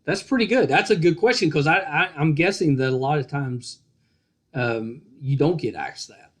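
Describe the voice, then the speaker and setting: Middle-aged virginian guy hosting a podcast over video call, kinda high voice, jokey, trails off quiet. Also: normal speed. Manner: chatty, joking, trailing off softly. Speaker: podcast host. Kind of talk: casual interview chat.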